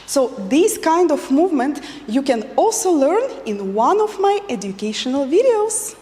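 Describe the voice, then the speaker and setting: High, lively woman teaching dance. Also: moderate pace, long reverb tail. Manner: counts beats and repeats cues rhythmically. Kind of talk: dance lesson instruction with counting.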